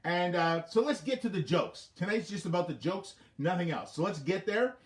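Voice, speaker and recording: A man's voice: sits high, lively intonation, normal speed, reverberant. A man hosting a homemade late-night show from his basement, telling corny jokes and laughing at his own punchlines. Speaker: host of a home talk show. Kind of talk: jokey late-night monologue. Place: home basement.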